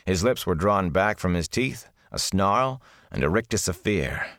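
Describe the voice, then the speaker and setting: A man narrating a fantasy novel in a measured, deliberate storytelling manner, recorded on a close mic. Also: low-pitched, sing-song, a bit bright, no room sound. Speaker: audiobook narrator.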